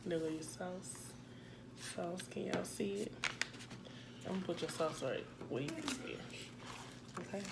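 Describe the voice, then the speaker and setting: A family vlogger chats casually with viewers while eating at home, walking them through the food and calling them "y'all" in a chatty mukbang style. Her lowish voice is animated and creaky, her pace measured, and she pauses often. Heavy background noise runs under the recording.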